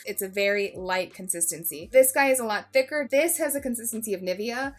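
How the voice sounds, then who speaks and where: A woman's voice: fairly high pitch, animated, fairly quick, few pauses, soft background music. A woman giving a casual makeup tutorial, chatty and jokey, swearing freely and mocking herself. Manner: self-mocking asides. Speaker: beauty vlogger.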